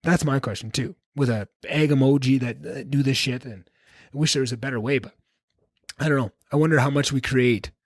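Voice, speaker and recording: A man's voice: mid-range voice, fairly quick, no echo, studio quality. A man hosting a solo podcast, talking bluntly and with a lot of swearing as he rambles through his opinions. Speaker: podcast host.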